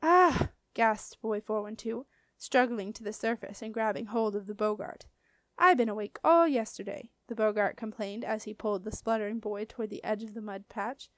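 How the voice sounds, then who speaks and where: A woman narrating a children's fantasy audiobook in a steady, clear storytelling voice. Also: medium pitch, a little fast, no room sound. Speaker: audiobook reader.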